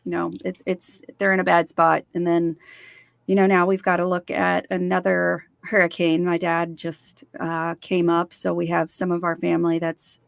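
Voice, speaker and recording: A woman's voice: fairly low pitch, vocal fry, no echo. A woman co-hosting a podcast, talking casually with many fillers and repeated words, and reading out a guest's bio. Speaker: podcast co-host.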